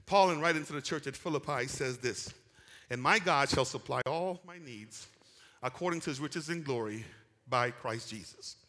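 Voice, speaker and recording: A man preaching a sermon, calling out to his congregation for responses and building from quiet talk to shouting. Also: mid-range voice, moderate pace, big-room sound. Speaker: pastor. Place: church sanctuary.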